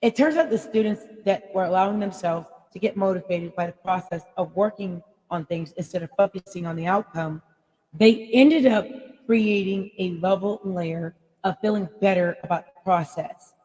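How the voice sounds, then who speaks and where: A woman's voice: mid-range voice, normal speed, darkish tone. Emphatic woman life coach, echoey. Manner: rambling, emphatic, blunt with mild swearing. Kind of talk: live motivational coaching talk.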